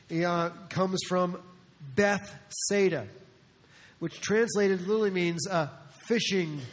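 A man from New Jersey preaches with a high, light voice, chatting his way through the sermon and slipping in jokes. The sound carries a long reverb from the sanctuary. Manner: conversational, joking asides, acts out quotes. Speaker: pastor.

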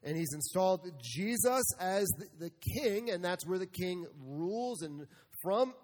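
A man with a high, ringing voice preaches a sermon, leaning into emphatic rhetorical questions and now and then acting out God speaking. His voice carries a long reverb, as in a large church hall. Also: expressive, a little slow, a little mellow. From United States. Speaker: pastor. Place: church sanctuary.

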